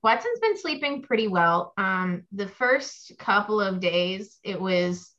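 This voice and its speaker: A young mother chatting in a loose, rambling way, full of fillers. Her pitch sits in a middle range. The audio is a little dull and lo-fi. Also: big pitch swings, takes it slowly, fairly bright tone. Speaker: guest mom. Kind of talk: casual chat.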